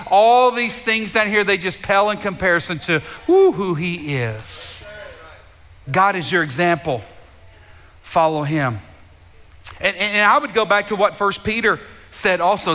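A man with a high, bright voice preaches to his congregation. He is fervent and repetitive, often doubling his words as he speaks straight to his listeners. His voice rings out with a long reverb in a big hall. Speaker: pastor. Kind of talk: sermon.

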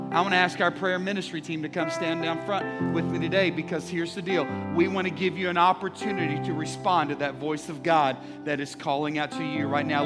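High bright-voiced preacher in a reverberant hall. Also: male voice. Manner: rhythmic repetition, rising to emphatic shouts. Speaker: pastor. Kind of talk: sermon. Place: church sanctuary. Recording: long reverb of a large hall.

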